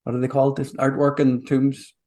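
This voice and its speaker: A man's voice: medium pitch, completely flat delivery, a little fast, mellow. A man co-hosting a podcast in casual chat, rambling and swearing freely as he explains. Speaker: podcast co-host.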